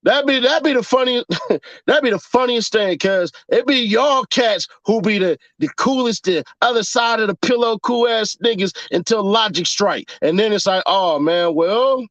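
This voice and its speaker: A man's voice: sits high, normal speed, a bit bright, no room sound, highs cut off. A man in a casual, profane commentary rant, mocking his audience with rhetorical questions. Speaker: commentary vlogger.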